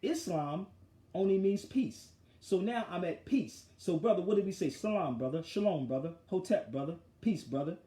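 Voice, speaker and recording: A man hosting a talk show, telling the story of an argument in a forceful, animated way. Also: high voice, normal speed, roomy sound. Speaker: show host. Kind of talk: casual street talk storytelling.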